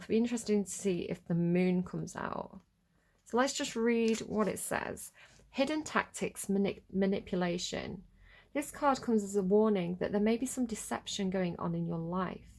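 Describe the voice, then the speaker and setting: A woman's voice: medium pitch, a little mellow. A woman giving a casual tarot reading, giggly, playful and rambling. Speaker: tarot reader.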